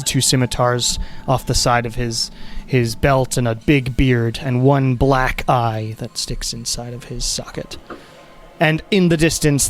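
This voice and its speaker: A man running a tabletop game as game master, describing scenes in a rambling way full of fillers and restarts. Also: medium pitch.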